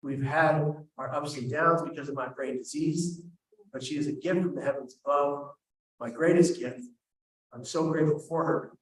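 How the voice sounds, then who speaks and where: An animated man on stage, telling a self-deprecating comic story at a quick clip. His voice sits fairly high. It echoes heavily through a large event hall, caught from some distance. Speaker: keynote speaker, host.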